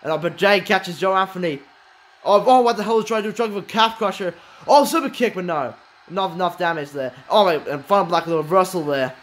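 A man with a high voice and a light lilt calls a wrestling video game match blow by blow. He is excitable, exclaims often and swears freely. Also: fairly quick. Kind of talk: excited play-by-play commentary.

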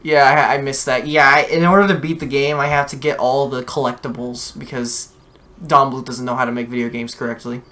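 A man hosting a let's play, giving casual gameplay commentary over a voice chat, with loud yelled reactions and lots of swearing. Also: medium pitch, fairly quick. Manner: excitable, yelling reactions, heavy swearing. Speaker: let's play host and player.

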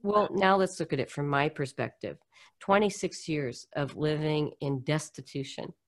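A woman's voice: deep voice, normal speed. A middle-aged woman from the United States, telling her story in an interview and acting out the voices of people she quotes. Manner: animated, acts out quoted voices. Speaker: guest speaker on poverty.

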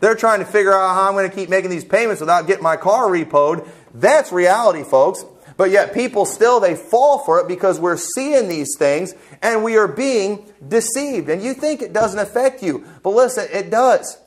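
In a church, a male pastor with a high voice preaches an emphatic, conversational sermon full of rhetorical questions. He is expressive and speaks at normal speed.

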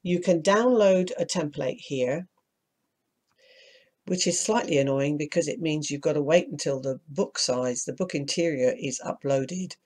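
A speaker, croaky from hay fever, walking through a self-publishing process step by step in a screen-recorded tutorial. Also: mid-range voice, a little slow, darkish tone. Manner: practical, explains step by step, mild asides of annoyance.

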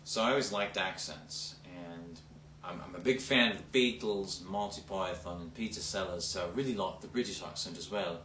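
A man's voice: low-pitched, normal speed, a bit bright, far from the mic, slight background noise. Upbeat man telling his acting story. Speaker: actor. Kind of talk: self-promo narration. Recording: echoey room, off-mic.

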